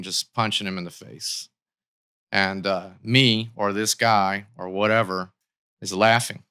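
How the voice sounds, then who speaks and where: A man's voice: lowish voice, pushed and bright, clean tone. A man as a podcast guest, telling a long personal story in casual conversation, with many likes and restarts.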